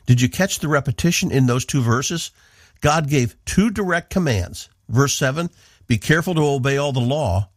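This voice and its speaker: A man from the northeastern United States, hosting a radio program with earnest, measured devotional Bible teaching. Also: mid-range voice, lively intonation, no room sound, studio quality.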